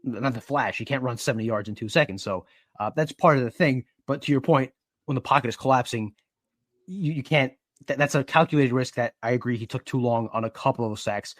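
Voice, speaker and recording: A man co-hosting a casual sports podcast, explaining in a steady, analytical way. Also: medium pitch, brisk, no echo, studio quality. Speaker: podcast co-host.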